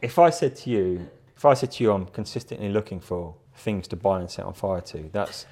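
Laughing frequently and repeating words, a middle-aged guest artist rambles through a casual live interview. His voice is deep, a little mellow, and fairly quick.

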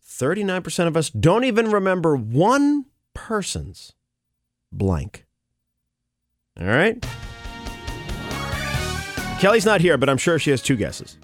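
A man's voice: on the high side, huge pitch swings, slow pace, long pauses, no echo, faint music behind. A man hosting a morning radio show, joking with his co-host and callers, laughing often and stumbling over his wording. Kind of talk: casual morning radio banter. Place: radio studio. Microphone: studio microphone.

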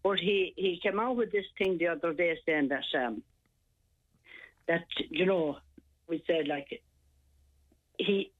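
A woman's voice: lowish voice, slow pace, pauses often. An older woman calling in to a radio show, rambling and hesitant, exasperated as she talks. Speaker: caller. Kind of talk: casual radio chat. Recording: tinny phone line.

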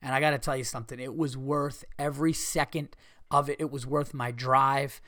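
A man's voice: mid-range voice, normal speed, no echo, studio quality. A man who does stand-up comedy, hosting his podcast and telling a story in a casual monologue, swearing freely and acting out the quotes in a raised voice. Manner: animated, profane, acts out quotes in a raised voice. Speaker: podcast host.

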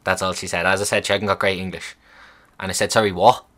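A young man casually retelling a hospital visit, swearing and rambling, animated in the telling. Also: low-pitched, fast. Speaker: vlogger. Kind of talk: casual storytelling chat.

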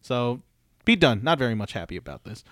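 A man's voice: medium pitch, sing-song, fairly bright tone, dry recording. Rambling podcast guy, dry close sound. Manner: rambling, halting, many restarts. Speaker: podcast co-host. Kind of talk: casual chat.

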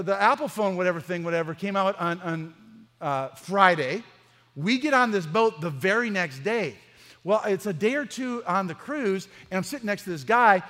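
A man, a pastor, giving a humorous sermon with lively stories, acting out the dialogue. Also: sits high, long reverb tail. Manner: animated, acts out dialogue in the stories. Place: church.

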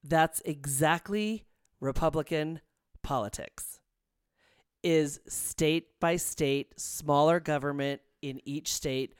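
A podcast co-host from the United States talks in a casual, enthusiastic way and laughs often. The voice is smooth and clear at a middle pitch. It is recorded close and dry. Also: slow, no room sound. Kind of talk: casual chat.

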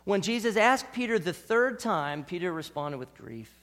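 High-voiced preacher, soft then emphatic. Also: male voice, expressive, moderate pace. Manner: swings between soft hushed lines and bold emphatic ones. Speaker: pastor. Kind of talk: sermon. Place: church.

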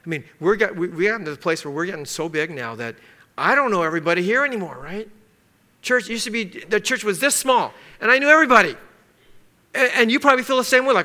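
A man's voice: high-pitched, very animated, fast talker, sharp tone. A male pastor giving a conversational sermon, now and then acting out short everyday scenes for his congregation. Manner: conversational, asks the congregation to circle words, acts out little scenes.

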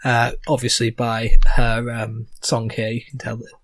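A man narrating a tabletop game as game master, hesitant, with many pauses. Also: medium pitch, completely flat delivery, a bit bright, no room sound. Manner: hesitant, full of "uh"s.

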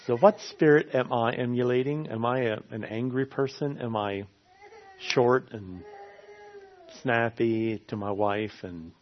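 A man preaching a sermon with an earnest, repetitive delivery. His voice sits at a middle pitch. The recording is slightly dull and lo-fi. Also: unhurried, slight background noise. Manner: earnest, repeats phrases for emphasis.

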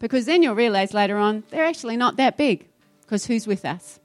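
A woman pastor speaking to a church, telling a story in a lively, animated way with acted-out quotes. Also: on the high side, fairly quick, soft background music.

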